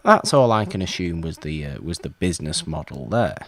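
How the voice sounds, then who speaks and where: A man co-hosting a podcast, chatting casually about old films in an animated way and stumbling over his words now and then. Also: low-pitched, fairly quick. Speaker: podcast co-host.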